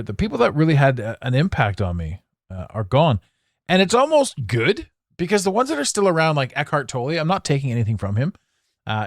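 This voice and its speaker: Animated man hosting a podcast. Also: mid-range voice, no room sound, studio quality. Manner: animated, theatrical, swears casually. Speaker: podcast host. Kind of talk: solo podcast monologue.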